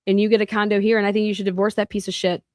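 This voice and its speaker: A woman's voice: mid-range voice, flat delivery, very fast, darkish tone, no echo, studio quality. A woman podcast host delivering a heated, profane rant in an angry monologue.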